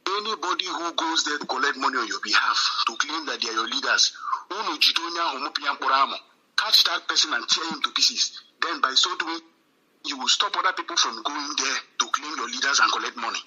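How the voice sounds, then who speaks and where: A man's voice: mid-range voice, lively intonation, quick pace, pushed and bright, breathy edge. A man from Nigeria calling in to a live stream, angry and emphatic, repeating his points. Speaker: caller. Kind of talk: phone-in call. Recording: tinny phone line.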